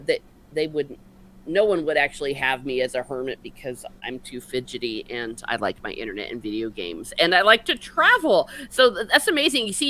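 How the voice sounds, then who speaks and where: A woman's voice: low-pitched, pushed and bright. A woman in her late forties hosting a casual livestream on a video call, chatty and joking at her own expense. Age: 40s. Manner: chatty, jokey, self-mocking. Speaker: host.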